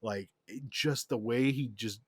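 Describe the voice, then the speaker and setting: A man's voice: mid-range voice, unhurried, husky, dry recording, clean studio sound. A man hosting a podcast, chatting casually and enthusiastically. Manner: animated, enthusiastic storytelling with laughs. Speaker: podcast host. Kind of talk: casual chat.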